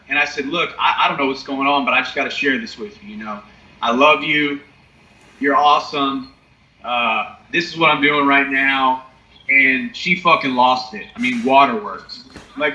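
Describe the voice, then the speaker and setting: A man's voice: mid-range voice, normal speed, sharp tone. A young man telling a personal recovery story in casual, profane chat, often asking "you know what I mean?". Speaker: podcast co-host. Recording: echoey, dull lo-fi sound.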